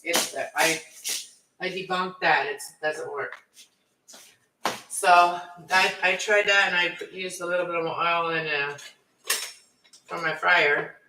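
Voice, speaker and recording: Male home-cooking vlogger, rambling and self-correcting, slightly higher voice, recorded far from the mic with a faint noise floor. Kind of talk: casual live-stream chat while cooking. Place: home kitchen. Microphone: camera set away from the stove. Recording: echoey kitchen, distant camera mic, faint noise.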